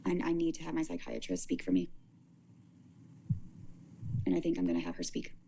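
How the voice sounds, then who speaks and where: Woman livestreamer, casual rambling talk with halting restarts; low voice with a gravelly edge. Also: sing-song, noisy background. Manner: rambling, halting, repeats words.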